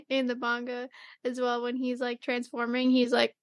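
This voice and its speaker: A woman co-hosting a podcast, recapping an anime episode in casual chat, rambling with lots of fillers and quick acted-out quotes. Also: fairly high pitch, monotone, no room sound, clean studio sound. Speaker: podcast co-host.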